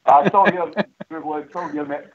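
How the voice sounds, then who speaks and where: A man's voice: on the high side, normal speed. A man calling into a radio phone-in, talking bluntly and swearing casually. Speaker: caller. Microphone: phone line. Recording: muffled phone-in audio.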